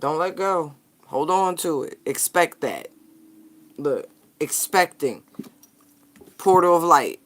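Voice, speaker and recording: Chatty tarot reader hyping up the viewers, swears a lot, middle pitch. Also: slow pace, long pauses. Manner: animated, slangy and profane, talks straight to viewers. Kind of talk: casual spiritual card reading to viewers.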